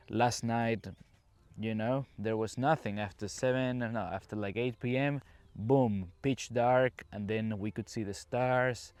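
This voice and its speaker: A man's voice: mid-range voice, a little mellow. Chatty man from a Caribbean island. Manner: chatty, explanatory, addresses listener directly; talks while walking around. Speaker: English teacher podcast host. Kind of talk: casual podcast monologue. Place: campsite, outdoors. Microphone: phone.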